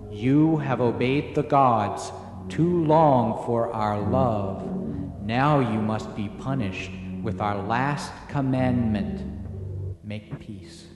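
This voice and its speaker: A man voicing the ghost of an old statesman, speaking softly with quiet authority. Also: medium pitch, slow, music in the background, lightly acted. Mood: solemn. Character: ghostly old male statesman, tall, grave, commanding. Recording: echoey with steady background noise.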